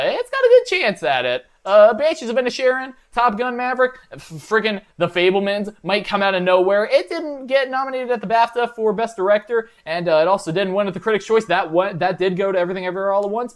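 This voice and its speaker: A man hosting a comedy reaction video, with a slightly high voice. He rambles in a mock-enthusiastic way, filling his pauses with uhs. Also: very animated.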